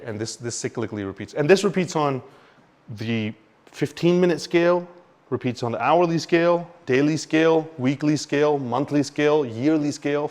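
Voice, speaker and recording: A man teaching about crypto market cycles in an animated, expressive way, swinging between loud and quiet and mimicking panicked investors. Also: mid-range voice. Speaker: crypto educator. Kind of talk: explanatory talk to camera.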